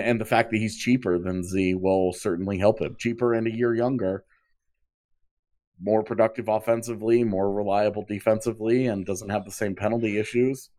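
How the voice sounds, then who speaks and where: A podcast co-host talks casually about hockey contracts, thinking out loud and often restarting his sentences. His voice is fairly low and a little mellow.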